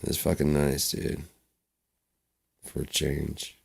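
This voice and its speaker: Brief: vlogger man, very deep and gravelly, swearing and joking, pitch swinging widely. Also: completely flat delivery, takes it slowly. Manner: profane, joking, rambling. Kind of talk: casual rambling monologue.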